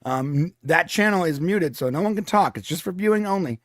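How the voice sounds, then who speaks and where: A man's voice: on the high side, animated, a little fast, a bit bright, no echo, studio quality. A man hosting a live watch-along stream, chatting casually and laughing often. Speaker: stream host.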